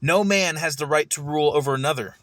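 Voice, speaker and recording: Reacting to a recorded argument, this male streamer talks fast and swears heavily, stumbling over and repeating his words as he gets worked up. His voice is a little high and a bit bright, with no room sound.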